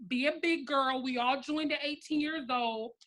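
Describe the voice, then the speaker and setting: A woman in her thirties giving a blunt, sassy and animated motivational pep talk to her sales team on a live stream. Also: sits high, normal speed. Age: 30s. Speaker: network marketing team leader.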